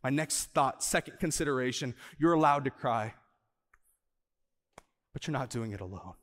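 Man preaching in a reverberant church hall. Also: expressive. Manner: swings from soft and slow to loud and high for emphasis, with light laughs. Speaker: pastor. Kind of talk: sermon. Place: church auditorium.

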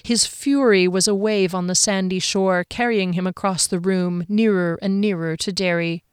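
A woman narrating a fantasy novel aloud in a calm, even storytelling manner. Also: moderate pace, smooth, no echo, clean studio sound. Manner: calm, even storytelling that shifts pitch for quoted characters.

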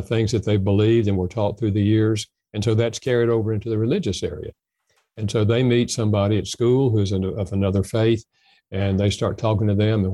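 An older man, a guest author in an interview, giving gentle, folksy advice. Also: on the low side, dry recording, clean studio sound. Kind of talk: interview conversation.

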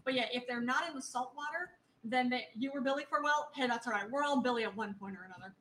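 A woman co-hosting a casual chat, agreeable and quick to chime in. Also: high-pitched, fairly bright tone, slight background noise, rough recording.

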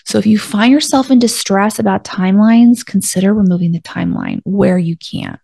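A woman's voice: medium pitch, huge pitch swings, moderate pace, creaky, few pauses, mellow, breathy edge, dry recording. A woman life coach talking through a podcast monologue in a conversational way, often acting out her own self-talk.

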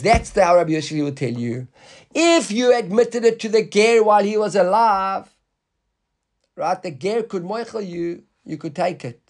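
High-pitched man teaching a Talmud class. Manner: explains, quizzes the class with quick questions; reads the Aramaic text slowly, then paraphrases in English. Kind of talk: Talmud class, casual explanation.

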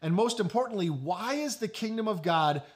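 Lively high-voiced male preacher. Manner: emphatic, repeats key phrases, slows for stress. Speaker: pastor. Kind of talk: sermon.

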